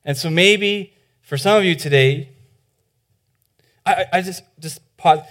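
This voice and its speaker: A man preaching a sermon as pastor, earnest and conversational with many restarts, dropping to a hushed voice for appeals. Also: high-pitched, unhurried. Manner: drops to a soft, hushed voice for appeals.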